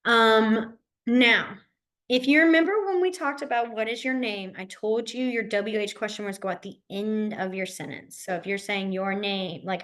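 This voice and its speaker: A young woman teaching a beginner sign language class in a casual, reassuring way. She says each sign aloud slowly and repeats it, with lots of fillers and restarts. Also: fairly high pitch, fairly bright tone. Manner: says the signs aloud in slow repeated words.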